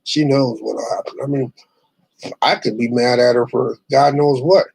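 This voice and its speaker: A man's voice: mid-range voice, steady tone, normal speed, vocal fry, a little mellow, breathy edge, dry recording, low-quality recording. Blunt, profane ranting man. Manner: blunt, profane, rambling with restarts. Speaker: online show host. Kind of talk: casual ranting monologue.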